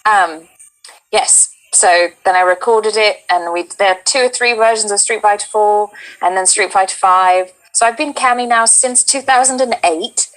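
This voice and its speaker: A woman in her thirties tells a story to an interviewer in a put-on British accent. She is animated and acts out her own surprised reactions. Her pitch sits right in the middle. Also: moderate pace, low-quality recording. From Texas. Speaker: voice actress guest. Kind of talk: casual anecdote in interview.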